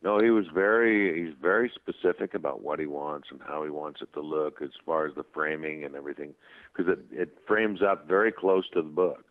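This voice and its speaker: A man being interviewed as a guest actor, telling anecdotes in a casual, animated way. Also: a bass voice, fairly quick, no echo. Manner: animated anecdotes with voiced quotes and laughs. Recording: tinny phone line.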